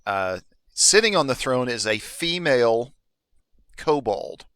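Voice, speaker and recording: A man narrating a tabletop game as dungeon master, in a relaxed, halting way with many fillers. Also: medium pitch, smooth, no echo.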